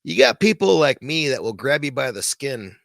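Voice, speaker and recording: A man hosts his own podcast late at night, delivering a casual rant. His voice is bright and pushed forward, and the sound is dry and close. He talks in a heated, profane way and rambles as he goes. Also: mid-range voice, sing-song, normal speed, gravelly, dry recording. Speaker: podcast host.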